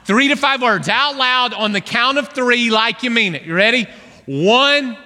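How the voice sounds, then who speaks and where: A man preaching a sermon to his congregation, animated and joking with the crowd. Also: extremely high pitch, a little slow. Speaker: pastor. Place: church hall. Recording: long reverb of a large hall.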